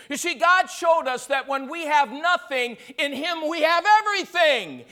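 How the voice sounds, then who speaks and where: A man preaching as a pastor, telling a story and swelling into shouts to call for praise from his listeners. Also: very high-pitched, lively intonation, normal speed, few pauses. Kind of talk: sermon.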